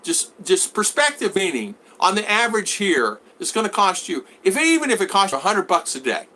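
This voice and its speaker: A man chatting on a live stream, answering viewers and acting out conversations as he rambles. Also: a little fast. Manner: animated, acts out both sides of conversations in a higher voice. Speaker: vlogger answering live chat.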